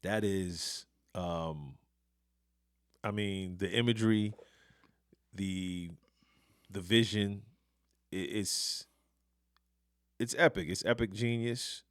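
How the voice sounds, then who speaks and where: Host, male, very low voice, dry close sound, reads lines and reacts. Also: fairly even intonation, slow pace, long pauses, smooth, no echo. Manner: reads lyrics aloud and praises them. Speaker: podcast host. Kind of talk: casual interview conversation.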